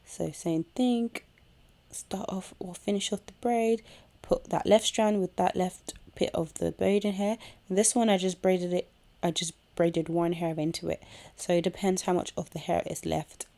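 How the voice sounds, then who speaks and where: A woman's voice: fairly low pitch, steady tone, normal speed, gravelly, dark tone. A young woman hosting a casual hair tutorial at home, chatting through each step while chewing gum. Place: home room with a kettle nearby.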